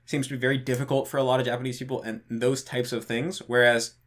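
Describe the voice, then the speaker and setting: A man's voice: medium pitch, level tone, fast talker, fairly bright tone. A man answering viewer questions in a casual monologue, thinking aloud and hedging, with frequent restarts and fillers. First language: English. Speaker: channel host answering patron questions.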